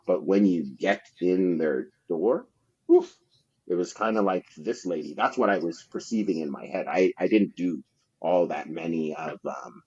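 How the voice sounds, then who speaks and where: A man with a deep, darkish voice and a breathy edge is a guest on a podcast. He tells loose, rambling stories about his sales jobs in a casual, profane manner with plenty of fillers, and the audio is dull and lo-fi.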